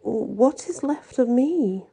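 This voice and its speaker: A woman voicing a young mermaid princess with a high, anxious voice. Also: expressive, takes it slowly, creaky, dark tone, breathy edge, full character voice. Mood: fearful.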